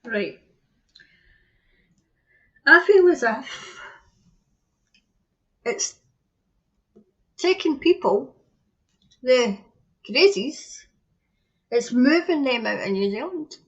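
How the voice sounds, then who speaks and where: A woman's voice: sits high, animated, very slow, pauses often. Chatty Scottish woman, lo-fi sound. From Scotland. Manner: chatty, rambling, laughs at herself. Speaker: tarot reader. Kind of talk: casual live tarot reading. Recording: dull lo-fi audio.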